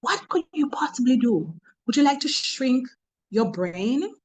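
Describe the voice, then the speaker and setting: A woman's voice: high voice, sing-song, a little slow, husky, rough recording. A woman with a Jamaican accent, a motivational speaker in a webinar talk, humorous and preachy, telling stories from work.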